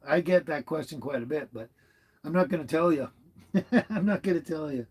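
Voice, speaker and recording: A man with a slightly high, breathy-edged voice talks at a moderate pace, answering his chat on a casual live stream from his motorhome. He's warm and chatty, rambling and chuckling, and the audio quality is poor.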